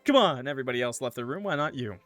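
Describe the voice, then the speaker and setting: A man streaming a game, chatting casually and thinking aloud in an animated way. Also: mid-range voice, rapid-fire, faint music behind. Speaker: gaming streamer. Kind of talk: casual let's-play commentary.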